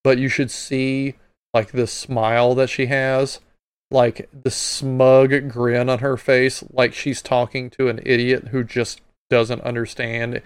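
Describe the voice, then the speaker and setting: A man's voice: medium pitch, level tone, slow pace, clean tone, no echo. A man hosting a podcast, commenting bluntly and with exasperation on a hearing clip. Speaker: podcast host.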